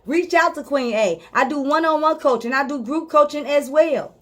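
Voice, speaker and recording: A woman's voice: high voice, normal speed. A woman life coach giving a motivational talk straight to her viewers, emphatic and informal, repeating her key points to drive them home. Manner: speaks directly to viewers, informal.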